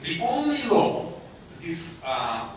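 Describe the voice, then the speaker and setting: A man with a Polish accent giving a conference talk, speaking haltingly with many filler sounds and restarts. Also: fairly high pitch, wildly swooping pitch. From Poland. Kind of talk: conference presentation. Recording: echoey hall, distant mic, noisy.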